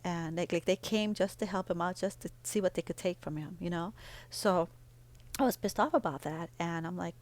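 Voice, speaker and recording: A woman's voice: lowish voice, normal speed, darkish tone. A middle-aged woman vlogging in a casual, rambling way, telling a heartfelt family story while doing her nails.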